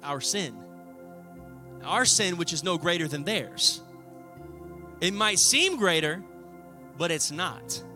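Pastor guy preaching, lively storytelling, acts out voices, faint music behind. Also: fairly high pitch, slow pace, long pauses. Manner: animated storytelling, acting out voices; conversational, with frequent "right?". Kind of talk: sermon.

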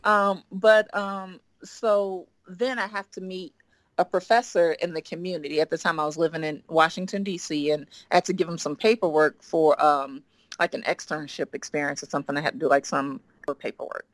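Guest, woman, forties, low-ish voice, animated storyteller who acts out dialogue, dry close sound. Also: moderate pace, no echo. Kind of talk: casual storytelling.

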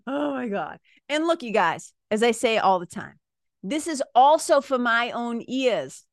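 A woman's voice: on the high side, a bit bright, no echo, studio quality. A woman podcast host and spiritual coach, talking casually in a blunt, joking way and laughing often as she acts out her clients.

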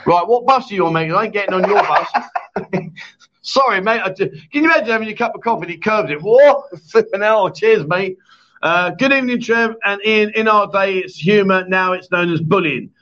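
A man's voice: high voice, fairly quick, sharp tone, slight background noise. A man hosting a live-stream chat show, teasing his co-host, rambling and reading out viewer comments. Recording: dull lo-fi stream audio.

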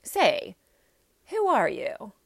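A woman's voice: fairly high pitch, wildly swooping pitch, drawn-out words, vocal fry, breathy edge, pitched above the performer's own voice, heavily acted. A woman doing a snappish, impatient grown man. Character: rude grumpy grown man in bathrobe.

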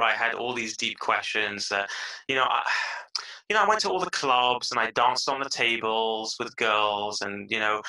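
A man with a British accent, a podcast guest in a casual interview, telling stories with lively energy and playful voices. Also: mid-range voice, poor audio. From England.

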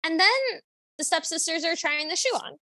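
A woman with a high, bright voice retells a film for a podcast, her pitch leaping around as she acts out little quotes. The sound is dry and close, with no room around it. She talks in an easy, chatty way. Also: normal speed, no room sound. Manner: animated storytelling with acted-out quotes. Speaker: podcast co-host. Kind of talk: casual recap chat.

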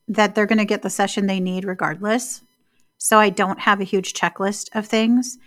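A woman co-hosting a casual podcast, talking in a reflective, storytelling way and slowing down on key words. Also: medium pitch, no echo, studio quality. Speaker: podcast co-host.

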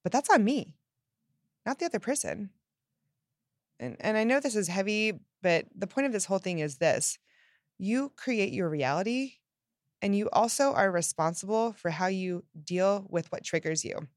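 A woman's voice: mid-range voice, lively intonation, moderate pace, dry recording, studio quality. A woman giving a reflective self-help monologue, speaking earnestly and candidly straight to the listener.

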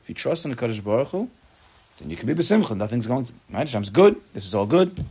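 A rabbi with a husky, mid-range male voice teaches an informal Torah class. He talks fast, animated and chatty with his students.

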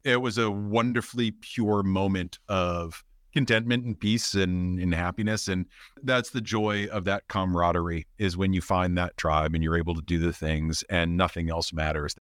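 A man's voice: low voice, fairly even intonation, normal speed, a bit bright, no room sound, studio quality. A man hosting a podcast in casual chat, easygoing and reflective, often agreeing with his guest. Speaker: podcast host, photographer.

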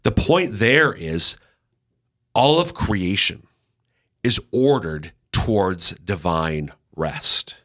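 A male host explaining scripture on a talk show, his fairly low voice cutting through with a bright, forceful edge. He talks things through as he goes, restarting phrases and then slowing on the words that matter. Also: lively intonation. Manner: thoughtful, many restarts, slows down to stress points. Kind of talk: conversational Bible teaching on a radio show.

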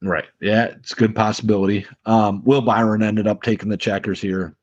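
A man with a low, husky voice trades sports opinions on a podcast. He is blunt and swears casually. The recording is slightly muffled and lo-fi. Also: little pitch movement, normal speed, dry recording. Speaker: podcast co-host.

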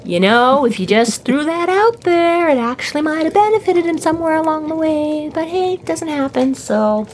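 Chatty woman podcaster, animated storyteller. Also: sits high, slight background noise. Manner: animated, acts out characters in quick voices, swears casually. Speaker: podcast co-host. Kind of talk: casual book discussion.

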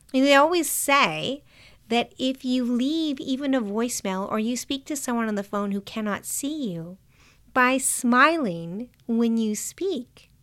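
A woman giving a calm, measured motivational talk to entrepreneurs, sometimes dropping to a soft whisper. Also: a little high.

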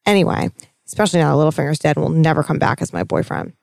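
A woman co-hosting a casual TV recap chat, talking in an animated, gushing way with some swearing. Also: low-pitched, very fast, gravelly, no room sound, studio quality. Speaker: podcast co-host.

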